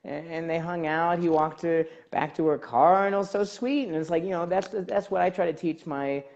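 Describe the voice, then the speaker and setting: A man's voice: a little high, fairly quick, gravelly, a little mellow. A man hosting a casual podcast conversation, talking in a rambling way with many fillers and restarts, as a life coach. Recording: dull lo-fi audio.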